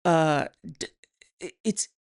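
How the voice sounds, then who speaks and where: A guest on a casual podcast interview, speaking haltingly with many restarts and wry, deadpan humor. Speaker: podcast guest, writer and psychotherapist.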